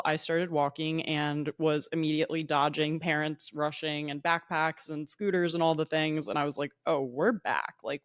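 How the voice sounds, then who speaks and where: A woman's voice: low voice, no echo, studio quality. Chatty New Jersey woman podcaster. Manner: chatty, upbeat, laughs often, goes on tangents. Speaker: podcast host. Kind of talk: solo podcast chat. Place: at home.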